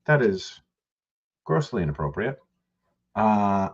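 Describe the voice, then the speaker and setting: Podcast co-host, male, husky lowish voice, loose swearing storyteller, dull lo-fi sound. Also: sing-song, moderate pace, a little mellow. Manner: rambling, profane storytelling with laughs. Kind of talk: casual podcast chat.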